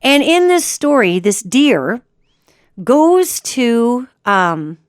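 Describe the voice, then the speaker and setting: A middle-aged woman hosting a radio show, telling a story in a chatty, animated way with restarts. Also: on the high side, drawn-out words, smooth, no room sound, studio quality. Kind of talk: casual storytelling monologue.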